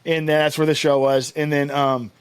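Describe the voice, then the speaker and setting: Male co-host, 30s, high pitch, dry room, loose profane storyteller. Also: little pitch movement, normal speed, smooth, no room sound. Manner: rambling, profane, lots of fillers. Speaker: podcast co-host. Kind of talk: casual storytelling chat.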